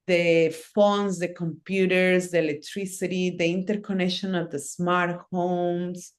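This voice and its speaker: A woman guest in a conversational interview, a ceremony facilitator, speaks in a voice that's low for a woman, with a level tone. She lays out her thoughts slowly and earnestly, in short phrases broken up by fillers.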